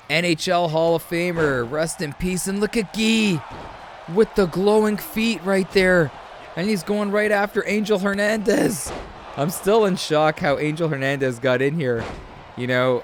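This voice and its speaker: A man's voice: a little high, a little hiss or hum. A man from Canada, commentating a video game match and telling chatty stories. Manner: chatty, storytelling, animated shouts. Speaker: host.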